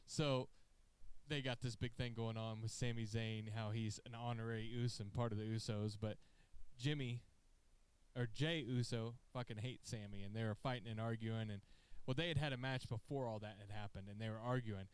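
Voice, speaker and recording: A man co-hosting a casual podcast, his voice smooth and resonant as he rambles through animated, profane retellings. The sound is close and dry, with no room around him. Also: fairly low pitch, normal speed, no echo. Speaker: podcast co-host. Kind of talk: casual chat, excited storytelling. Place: podcast studio.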